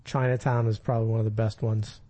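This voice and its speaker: A man appearing as a guest on a podcast in a small studio, talking casually in a halting way and repeating words as he works out his thoughts. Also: fairly low pitch, flat delivery, warm tone, no room sound. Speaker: guest, aspiring screenwriter. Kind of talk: casual chat.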